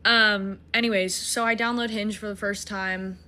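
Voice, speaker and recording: Young woman, bright sharp voice, lively cursing storytime monologue, pokes fun at herself. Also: mid-range voice, moderate pace. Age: young adult. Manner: animated, profane, self-mocking. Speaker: storytime TikToker.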